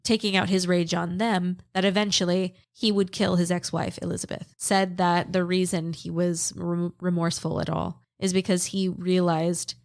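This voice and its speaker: Hoarse, crackly-voiced woman podcast host. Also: lowish voice, level tone, normal speed, few pauses. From Texas. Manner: blunt, swears freely, laughs often. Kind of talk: casual podcast chat.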